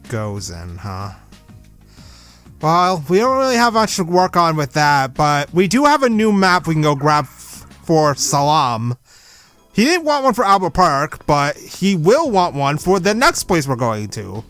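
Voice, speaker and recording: A man chats his way through a video game in casual commentary. His voice sits a little high and swings widely, and he swears when the game annoys him. Faint game music runs underneath. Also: very animated, moderate pace, a bit bright. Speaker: gamer. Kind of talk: let's play commentary.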